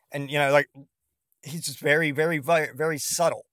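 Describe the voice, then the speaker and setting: Guy rambling on his podcast, cussing a lot, slightly high voice, dry close sound. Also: brisk, dry recording. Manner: profane, rambling, animated retelling. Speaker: podcast host. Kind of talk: rambling casual monologue.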